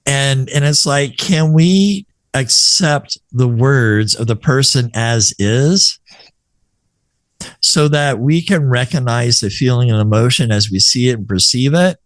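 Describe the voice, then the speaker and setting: A man from Texas hosting a conversational podcast, talking in a measured, reflective way with easygoing fillers. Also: mid-range voice, no room sound, studio quality. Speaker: podcast host and coach.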